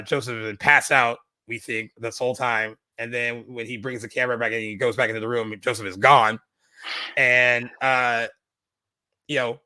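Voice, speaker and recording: Man, bright tense tone, close dry mic, casual film-podcast chatter full of "like" fillers. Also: medium pitch, no echo. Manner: rambling, many "like" fillers, retells scenes. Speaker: podcast co-host.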